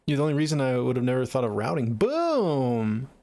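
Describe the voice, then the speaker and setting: A young man with a Seattle accent talks casually on his livestream, answering viewer comments. His voice has a gravelly, creaky edge at an ordinary pitch. He jokes and swears in an easygoing, offhand way. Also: sing-song, fairly quick, darkish tone, soft background music. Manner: laid-back, profane, joking. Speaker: livestreaming music producer.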